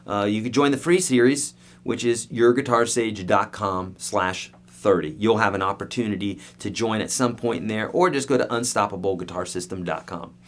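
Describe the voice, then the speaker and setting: A man's voice: on the low side, normal speed, few pauses. A man teaching guitar in a live-streamed online lesson, talking emphatically and straight to his viewers. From United States.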